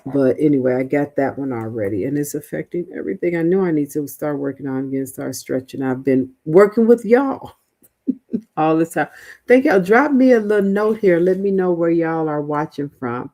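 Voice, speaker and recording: A woman's voice: deep voice, normal speed, warm tone. A middle-aged woman hosting a casual livestream, chatting loosely with viewers and rambling with fillers and restarts. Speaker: livestream host, veteran housing mentor. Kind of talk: casual livestream chat reading viewer comments.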